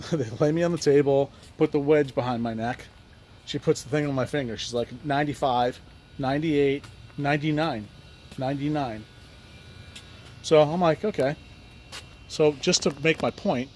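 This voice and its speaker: A man's voice: mid-range voice, a little hiss or hum. A man in a casual vlog, telling a rambling, frustrated story about a medical appointment and acting out both sides of each conversation. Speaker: vlogger recounting a medical appointment.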